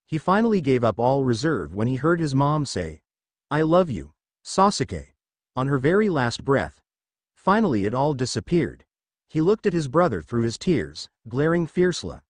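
A man reading fan fiction aloud as narrator, in a steady storytelling manner. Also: mid-range voice, moderate pace, no room sound.

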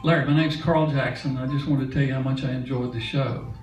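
A man's voice: mid-range voice, steady tone, fairly quick, a little mellow, faint music behind. An older man from Mississippi telling a folksy, chatty story on a concert stage, laughing now and then. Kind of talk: onstage storytelling. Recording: echoey concert hall from a distance.

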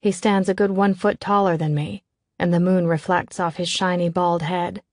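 A woman's voice: on the low side, flat delivery, normal speed, darkish tone, no room sound. A woman reading a novel aloud in scripted first-person narration, in a tense, controlled way. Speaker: audiobook narrator.

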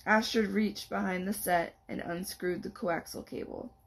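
Husky, gravelly woman reading aloud. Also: medium pitch, moderate pace. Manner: steady storytelling narration. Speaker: library staff reader.

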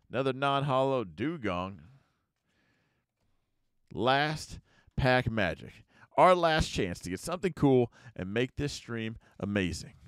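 A man's voice: medium pitch, smooth, no echo, clean studio sound. An American man hosting a casual card-opening video, chatting and muttering card names as he opens packs. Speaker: YouTube card-opening host. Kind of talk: casual pack-opening commentary.

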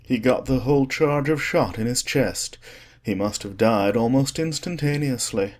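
A man voicing an urbane, cynical aristocrat who speaks in a calm, dismissive way in an audiobook. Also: medium pitch, moderate pace, lightly acted.

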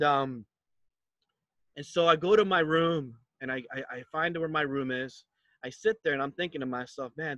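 Young guy from jersey telling campers a story, high bright voice, acts out every line. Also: no echo, muffled recording. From New Jersey. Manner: animated, acts out dialogue, drops low for asides. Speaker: camp speaker. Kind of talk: storytelling talk.

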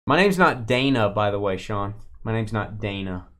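A young man hosting a live card break stream, chatting in a teasing way and loudly calling out player names as he opens packs. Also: lowish voice, lively intonation, normal speed.

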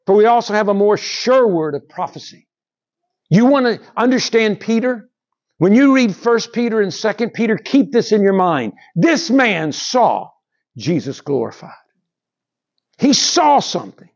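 A man preaching a sermon, swinging between raised, emphatic lines and hushed, drawn-out ones. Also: sits high, dull audio. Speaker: pastor.

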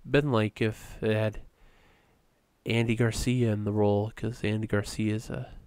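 Smooth-voiced casual podcast man. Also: fairly low pitch, flat delivery, normal speed, darkish tone, dry recording, studio quality. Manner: rambling with many fillers and restarts. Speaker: podcast co-host. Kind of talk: casual chat.

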